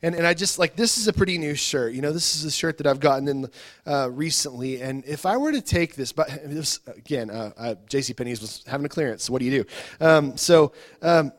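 A man preaching to a congregation in an informal, chatty way, his voice sitting a little high for a man. He stumbles over repeated words and keeps asking his listeners questions as he talks. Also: fairly quick. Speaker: pastor. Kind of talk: conversational sermon.

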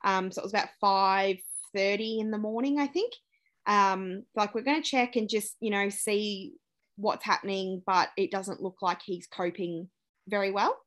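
A woman's voice: medium pitch, normal speed. A young Australian woman, a podcast guest, candidly retelling a personal story, acting out what people said and laughing as she goes. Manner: candid, animated retelling with acted-out quotes and laughter.

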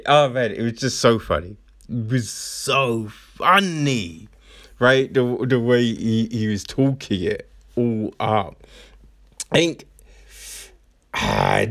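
A man's voice: medium pitch, expressive, slow pace. A young man recapping a fight card in a loose, slangy monologue, often repeating himself and asking "you know what I mean?". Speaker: MMA commentator.

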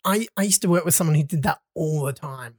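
A woman's voice: sits low, quick pace, darkish tone, breathy edge, dry recording, clean studio sound. A woman with an Australian accent, hosting a podcast in a chatty, casual way. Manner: chatty, wraps up segments. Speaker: podcast host. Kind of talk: casual chat.

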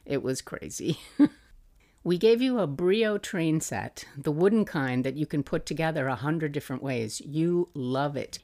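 A middle-aged woman who hosts a podcast reads aloud fondly from a journal she kept for her young son. Her voice is deep, and she laughs softly as she goes.

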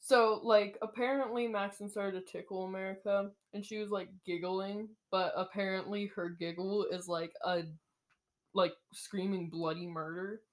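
A woman's voice: mid-range voice, fairly even intonation, moderate pace. A young woman casually retelling a book's plot in a rambling, giggly way full of fillers. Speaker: storyteller. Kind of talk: casual chat.

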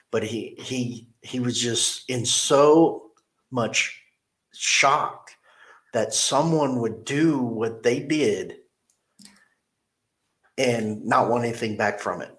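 Speaking slowly in a mid-range, animated voice, a middle-aged man who manages a car dealership shares something from his own life during a relaxed interview. He comes across as sincere and plain-spoken, circling back to the same key phrases.

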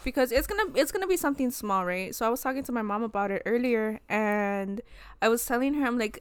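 A young woman co-hosting a podcast, chatting casually, excitable and giggly with lots of fillers. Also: a little high, fast talker, clear, resonant tone, no echo. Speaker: podcast co-host. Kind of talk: casual chat.

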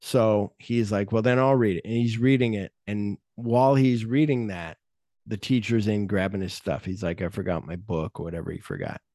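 Middle-aged man, dark and dry. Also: lowish voice, normal speed, no room sound. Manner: retells scenes with quoted lines, swears freely. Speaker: podcast host. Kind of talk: casual film chat.

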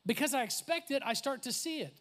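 A man with a high voice preaches in a lively, conversational way. He laughs, adds asides and acts out quoted voices as he speaks. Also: brisk. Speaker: pastor. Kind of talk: sermon.

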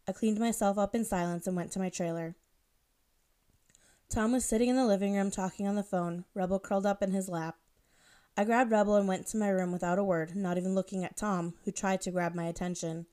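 A woman author reading her own fan fiction aloud in a steady, plain voice. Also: fairly low pitch. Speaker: author and reader.

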